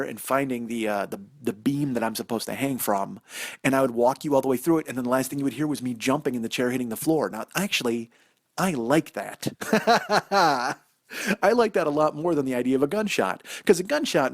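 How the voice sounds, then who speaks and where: A man's voice: mid-range voice, no room sound, studio quality. A man in his forties hosting a solo comedy podcast from indoors in a house, rambling and swearing as he mocks himself. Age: 40s. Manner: rambling, profane, self-mocking. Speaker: podcast host. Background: dog barking.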